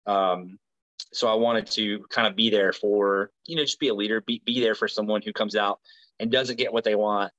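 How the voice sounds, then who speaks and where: A man in his thirties from Alabama talks through his recruiting days in a relaxed interview, winding through thoughts with fillers and restarts. His voice sits low. The recording sounds dull and lo-fi. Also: moderate pace. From Alabama, USA. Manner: rambling, frequent fillers and restarts. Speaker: guest, Marine recruiter. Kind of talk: casual interview storytelling.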